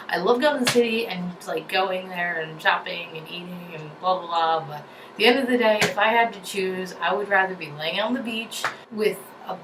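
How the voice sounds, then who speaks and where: Young woman vlogger, New York accent, chatty and bubbly, recorded in an echoey room with noise. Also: lowish voice. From New Jersey. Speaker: YouTuber. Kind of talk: casual vlog chat. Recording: echoey room, mic at a distance, noisy.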